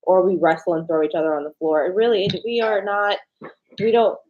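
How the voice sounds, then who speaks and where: A woman's voice: fairly low pitch, fairly quick, narrow, tinny audio, background noise. Playful woman chatting in a vlog. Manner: goofy, playful. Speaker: vlogger. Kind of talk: casual chat.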